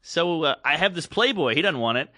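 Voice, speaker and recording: A man's voice: on the high side, brisk, no echo, studio quality. A man co-hosting a podcast, telling a story in casual chat and acting out the voices of the people in it. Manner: animated storyteller who acts out quoted voices. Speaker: podcast co-host.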